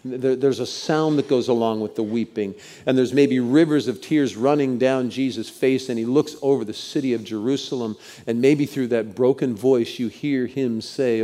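Man preaching with a mellow, dark voice. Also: medium pitch, normal speed, few pauses. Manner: expressive preaching, drops to hushed tones. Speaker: pastor. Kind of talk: sermon.

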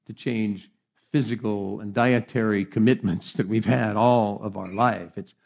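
A middle-aged man preaching a sermon as pastor, telling humorous, self-deprecating stories and swinging between hushed and animated delivery. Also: mid-range voice, vocal fry.

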